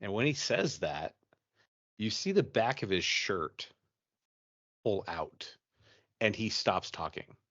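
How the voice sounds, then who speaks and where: A man's voice: on the low side, big pitch swings, slow pace, pauses often, fairly bright tone, no echo, lo-fi sound. A man co-hosting a podcast, chatting casually and telling a ghost story, profane and rambling with many restarts. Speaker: podcast co-host.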